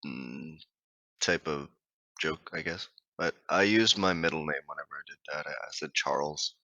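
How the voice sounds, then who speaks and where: A man's voice: extremely low pitch, moderate pace, sharp tone. A man joking and trading stories as a guest on a casual podcast, often laughing. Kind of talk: casual chat.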